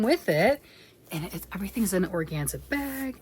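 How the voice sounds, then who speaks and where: A woman with a husky, breathy voice talks through a yarn unboxing. She rambles, gets excited, and now and then drops to a whisper. Her pitch sits in a middle range. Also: fairly quick. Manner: excitable, chatty, rambling, with sudden whispered asides. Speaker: crochet vlogger. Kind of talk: casual unboxing chat.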